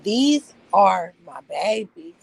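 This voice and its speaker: A woman's voice: medium pitch, lively intonation, slow, gravelly, breathy edge, low-quality recording. A middle-aged woman on a livestream, ranting with heat and profanity and repeating her phrases for emphasis. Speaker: livestream host. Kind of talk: emotional livestream rant.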